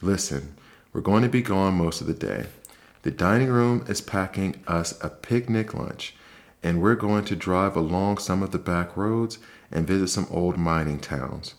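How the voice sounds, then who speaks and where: A kind young boy who talks in a friendly, hushed way, as a low-voiced man reads him. The reading is soft and calm, as in an ASMR bedtime story. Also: unhurried.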